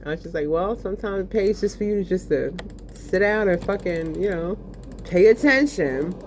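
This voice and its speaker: A woman ranting casually while gaming, profane and animated, full of fillers. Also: medium pitch, normal speed, a little hiss or hum. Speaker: vlogger.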